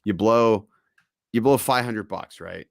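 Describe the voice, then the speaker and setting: A man hosting a casual live-stream chat, telling stories in a loose, profane, animated way. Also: fairly low pitch, slow, gravelly, no echo, clean studio sound. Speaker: podcast host.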